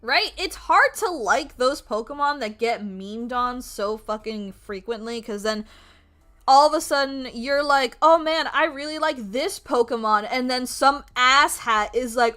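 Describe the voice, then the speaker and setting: A young adult woman streamer chatting casually while drawing, animated and profane, often laughing. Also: high-pitched, unhurried, faint music behind. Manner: animated, swearing, laughing, quoting people in mock voices.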